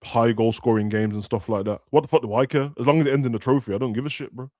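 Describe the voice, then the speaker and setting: A man's voice: mid-range voice, steady tone, quick pace, a little mellow, no room sound, studio quality. A young man, chatting casually about football and acting out players' words in slangy talk. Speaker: football podcast host. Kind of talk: casual chat.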